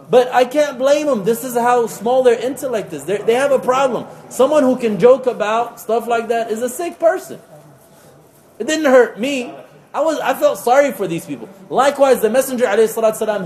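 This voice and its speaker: A man preaching a sermon to a live audience, telling stories with acted-out voices and reciting Quranic Arabic rapidly. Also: high-pitched, slight background noise. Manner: animated storytelling with acted-out voices. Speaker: imam.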